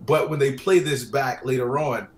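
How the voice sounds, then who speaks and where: Man, casual chat, storytelling, acts out quotes, mid pitch, roomy sound. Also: steady tone, normal speed. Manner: chatty storyteller, acts out clients' lines. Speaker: wedding photographer guest. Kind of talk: casual talk about photo technique. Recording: roomy echo.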